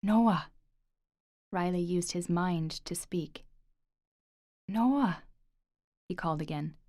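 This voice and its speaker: Low-voiced woman narrating an audiobook. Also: little pitch movement, moderate pace, darkish tone, no echo, studio quality. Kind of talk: scripted narration.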